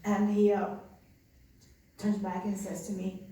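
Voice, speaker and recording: A woman's voice: mid-range voice, completely flat delivery, slow pace, long pauses, dark tone, a little hiss or hum. Earnest woman. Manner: earnest, conversational with many fillers. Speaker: nun running a migrant respite center. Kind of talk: personal storytelling. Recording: echoey room from far off, faint ambience.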